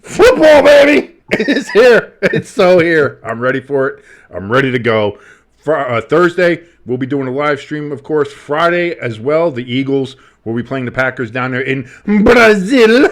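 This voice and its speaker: A man co-hosting a casual sports podcast, rambling and excitable, swearing freely. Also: medium pitch, normal speed. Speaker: podcast co-host.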